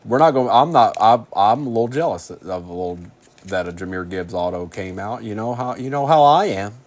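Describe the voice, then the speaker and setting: Laid-back guy with a lowish voice doing a card break, chatty, rattling off names. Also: expressive, a little mellow. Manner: easygoing, chatty, quick rundown of names. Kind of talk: casual live card-break commentary.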